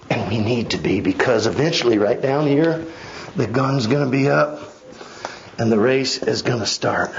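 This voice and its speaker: A man's voice: mid-range voice, lively intonation, normal speed, lo-fi sound, slight background noise. A male pastor giving a Bible study sermon, emphatic and conversational, with wry asides to his congregation. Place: church.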